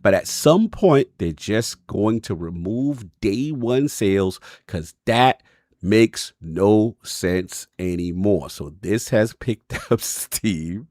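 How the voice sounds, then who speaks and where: Male podcast host, low and very expressive, casual chat, dry close mic. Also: dry recording. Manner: animated, breaks into loud laughter.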